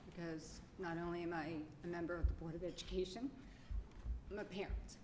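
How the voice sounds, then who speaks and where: Woman board member, firm and reproachful, measured emphasis, fairly high voice, faint room hiss. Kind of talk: statement at a school board meeting. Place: school board meeting room.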